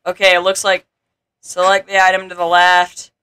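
A man chats loosely through a block-building game, narrating each step as he goes. He reads menus and prompts out loud in between his own remarks. His voice comes through bright and clean. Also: sits high, completely flat delivery, moderate pace, clear, resonant tone. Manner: chatty, reads on-screen text aloud, thinks out loud. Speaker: gameplay video maker. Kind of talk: casual gameplay commentary.

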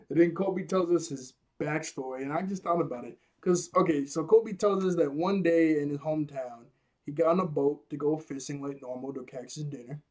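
A man's voice: a little high, normal speed, dark tone. A man giving a casual, rambling episode review, laughing often at his own jokes.

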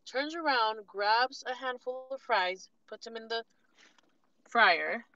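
A woman vlogger telling a casual story with animated, sassy delivery and acted-out quotes. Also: a little high, unhurried, no echo, lo-fi sound. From California. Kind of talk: casual storytime while eating.

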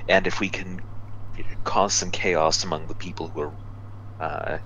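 A man playing a tabletop game, talking through plans in a dry, deliberate way. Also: sits low, fairly even intonation, sharp tone, a little hiss or hum, low-quality recording. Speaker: player. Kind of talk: casual tabletop play.

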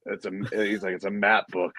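A man who is a guest musician, telling stories in a relaxed, casual way with lots of fillers. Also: on the low side, brisk, no echo. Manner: relaxed storyteller, many fillers. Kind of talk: casual chat.

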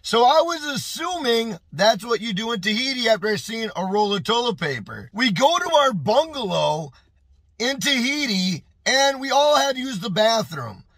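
Male vlogger with a high voice and a dry, close sound, telling a story in a casual, animated way. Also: normal speed, dry recording. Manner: animated, exclaiming, repeating phrases. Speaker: YouTube storyteller.

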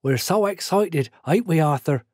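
A man voicing a booming, excitable farm wife from the country, in an audiobook memoir. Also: moderate pace, slightly rough, dry recording, studio quality, heavily acted. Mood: excited. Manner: booming, gushing.

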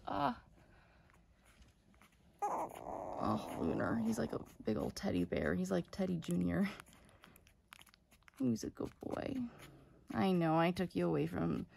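A woman breeding dogs, chatting to newborn puppies at home in sing-song baby talk that often drops to a soft whisper. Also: mid-range voice, huge pitch swings, takes it slowly, long pauses. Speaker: dog breeder. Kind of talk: casual vlog talking to puppies. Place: home bedroom. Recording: clear background noise with dog sounds.

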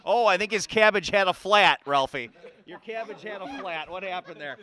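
A man's voice: high voice, moderate pace, pushed and bright. A man hosting a sports show, giving joking play-by-play of a silly indoor game in an arena. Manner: playful, chatty, laughs often.

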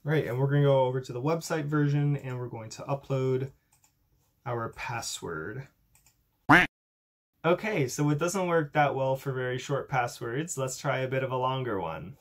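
Young male YouTuber, casual upbeat demo voice, self-deprecating, mid-range pitch. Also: moderate pace. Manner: chatty, upbeat, self-deprecating, filler-heavy. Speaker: YouTuber demonstrating a coding project. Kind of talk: casual tech demo vlog.

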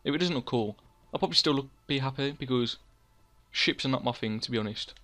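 A man's voice: medium pitch, fast talker, fairly bright tone. A young man, hosting casual gameplay commentary in a rambling, self-mocking way, often talking to himself by name. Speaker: let's play host.

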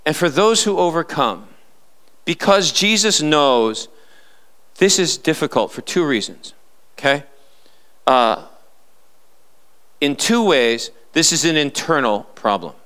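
A man's voice: on the high side, expressive, takes it slowly, long pauses, a bit bright. A male pastor preaching a live sermon in church, emphatic and fond of sarcastic rhetorical questions.

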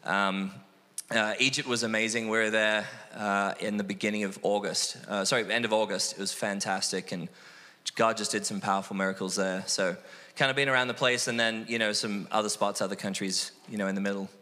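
A man from Australia, a missionary guest telling animated, self-deprecating stories in a casual interview. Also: lowish voice, brisk. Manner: animated, acts out quoted voices, self-deprecating. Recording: long hall reverb.

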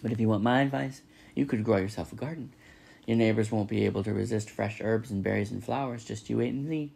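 A stubborn male beaver from a children's book grumbles and bargains, read by a man. His voice is gravelly and husky, gruff but softening. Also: fairly low pitch, fast.

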